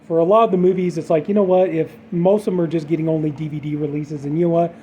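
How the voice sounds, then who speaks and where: A man's voice: a little high, fast. A man casually chatting through his horror movie haul, rambling with lots of fillers. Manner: rambling, filler-heavy, relaxed. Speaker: horror collector showing a haul. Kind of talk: casual unboxing chat. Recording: dull lo-fi audio with faint background noise.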